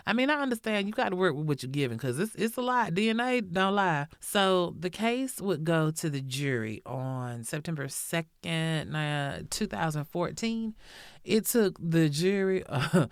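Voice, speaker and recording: A woman hosting a true-crime podcast, telling the story in a sassy, profane, animated way. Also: lowish voice, no room sound, studio quality. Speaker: podcast host.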